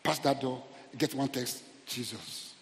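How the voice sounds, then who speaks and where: Middle-aged Nigerian male pastor, lively humorous sermon, slightly high voice, reverberant church hall. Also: a little fast. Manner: humorous, animated, repeats words.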